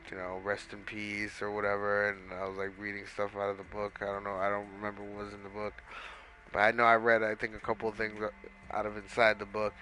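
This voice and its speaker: A man's voice: lowish voice, monotone, fast talker, sharp tone, slight background noise, low-quality recording. A man casually telling a long story while playing a video game, rambling with lots of swearing and fillers. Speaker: gaming streamer.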